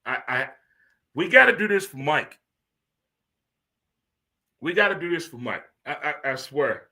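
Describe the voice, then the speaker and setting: Man in his fifties, host, bright forceful delivery, voice sits a bit high. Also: measured pace. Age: 50s. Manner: animated, preachy, swearing, laughing asides. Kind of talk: casual radio-style monologue.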